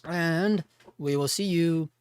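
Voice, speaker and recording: A man hosting a live stream, chatting casually and reading viewer comments in a rambling, profane way, his voice hoarse and giving out. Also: fairly high pitch, takes it slowly, dry recording, clean studio sound.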